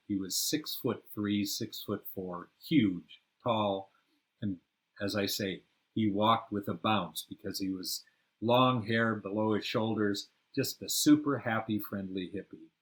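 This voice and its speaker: An older man tells his travel memories on a podcast. His speaking voice sits a bit low, and he rambles, stopping to hunt for the right word. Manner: rambling, searches for words. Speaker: podcast host and storyteller. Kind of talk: personal travel storytelling.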